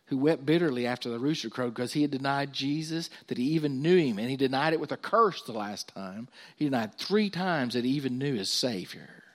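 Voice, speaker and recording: A man preaching a sermon as pastor, lifting his voice when he reads scripture and dropping low and quiet for asides.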